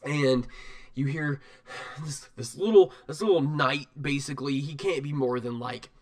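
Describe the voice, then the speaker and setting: A man narrating as game master of a tabletop game, animated and rambling, laughing often. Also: medium pitch, unhurried.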